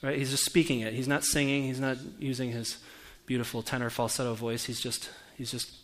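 A man's voice: mid-range voice, flat delivery, brisk, a bit bright. A man in his forties, a pastor preaching a conversational sermon and putting questions to the congregation. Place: church.

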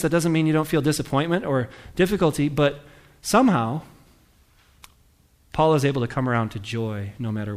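A male pastor delivers a sermon in a relaxed, conversational manner. He puts questions to the congregation and leans into the scripture he reads aloud, his voice lifting on the verses. His pitch sits in a middle range for a man.

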